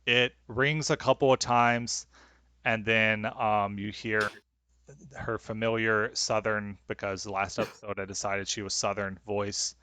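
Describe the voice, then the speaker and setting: A man's voice: on the low side, little pitch movement, unhurried, pushed and bright, clean tone, dry recording. Hesitant male game master, dry sound. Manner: hesitant, many fillers. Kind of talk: narrating a tabletop game.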